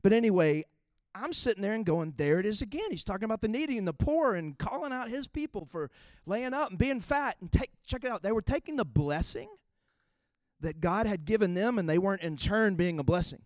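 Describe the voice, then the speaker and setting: A man's voice: sits high, lively intonation, brisk, a little mellow, dry recording, clean studio sound. A middle-aged man preaching a sermon in a conversational, folksy way, reading scripture with emphatic punch. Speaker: pastor.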